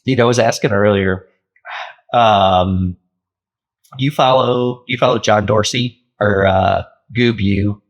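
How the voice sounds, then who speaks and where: A man co-hosting a podcast in casual chat, with dry, relaxed banter. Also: on the low side, slow, highs cut off. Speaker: podcast co-host, the other's boss.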